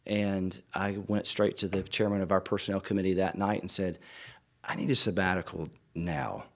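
A middle-aged man, a pastor, preaching earnestly to fellow pastors in a conversational storytelling way, often repeating words. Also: lowish voice.

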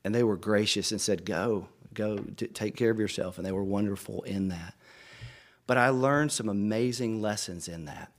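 Earnest low-voiced pastor preaching. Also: male voice, normal speed. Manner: earnest, conversational storytelling with repeated words. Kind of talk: sermon to fellow pastors.

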